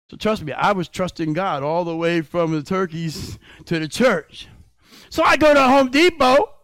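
A male pastor preaching a sermon, shouting at his peaks, then dropping into low conversational asides and acting out quoted voices. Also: dry recording, studio quality. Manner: acts out quoted voices of God and of complaining believers.

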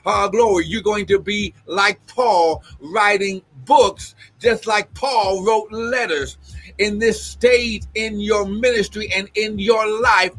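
Fervent high-voiced man prophesying. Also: steady tone, slow pace. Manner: fervent, breaks into shouts and tongues; constant exclamations of "glory". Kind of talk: live-streamed prophetic ministry.

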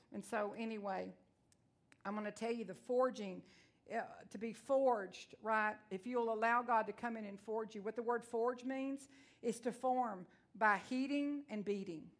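A woman from Texas with a Texan accent, preaching a sermon in a loud, blunt, emotional and folksy way. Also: a little high. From Texas, USA.

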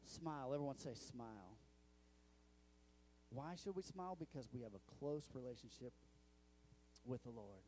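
Mellow-voiced young male pastor preaching. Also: mid-range voice, expressive, a little fast, a little hiss or hum. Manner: storytelling and conversational, with many restarts. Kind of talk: sermon. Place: church sanctuary.

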